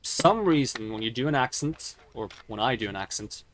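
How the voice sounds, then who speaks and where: Male streamer, casual chat, halting self-correcting delivery, headset mic. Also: medium pitch, lively intonation, a little hiss or hum. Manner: stuttering, self-correcting, rambling. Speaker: game streamer. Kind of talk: casual gaming stream talk.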